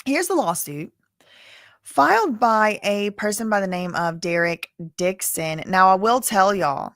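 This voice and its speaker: A woman's voice: mid-range voice, expressive, measured pace, a bit bright, no room sound, clean studio sound. A woman from Louisiana hosting a live stream about court cases, chatting and rambling as she talks straight to her viewers. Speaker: livestream host covering court cases. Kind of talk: casual live-stream commentary.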